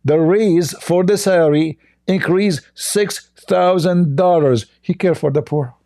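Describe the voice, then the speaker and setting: A man delivers sarcastic reaction commentary in a mocking, scornful tone, rambling along with broken grammar. His voice sits a little high for a man. The tone is dark and mellow. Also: unhurried.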